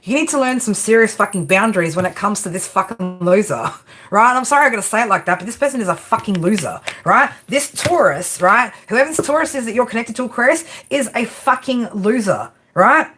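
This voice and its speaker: A woman's voice: a little high, animated, a little fast, a bit bright. A woman giving a blunt, profane tarot reading, exasperated and constantly asking "right?". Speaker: tarot reader. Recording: noisy background.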